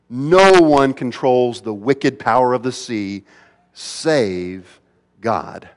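A male pastor preaching a sermon, swinging from loud pleading to hushed, quiet passages. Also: medium pitch. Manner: dramatic swings between loud pleading and hushed near-whispers. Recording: long reverb of a large hall.

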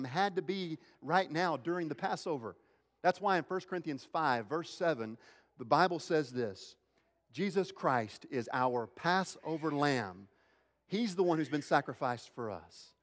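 A male pastor preaching a sermon, swinging between emphatic, raised lines and hushed, slow ones. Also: on the high side, in a large hall.

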